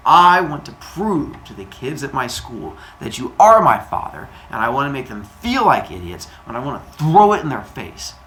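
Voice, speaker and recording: A man voicing a young boy demigod, high-pitched and shouting, lively and loud. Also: moderate pace, hardly any pauses, rough recording. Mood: vengeful.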